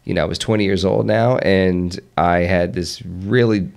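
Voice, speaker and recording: Podcast guest, thirties, faint Southern accent, low pitch, a gravelly edge, earnest. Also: male voice, steady tone, normal speed, a little mellow. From Southern United States. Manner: earnest, many restarts. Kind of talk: casual conversation.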